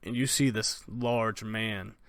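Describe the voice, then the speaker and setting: Man narrating as dungeon master, gravelly voice. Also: on the low side, steady tone, slow, fairly bright tone, no echo, clean studio sound. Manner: loose, vivid narration with fillers. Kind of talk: narrating a tabletop game.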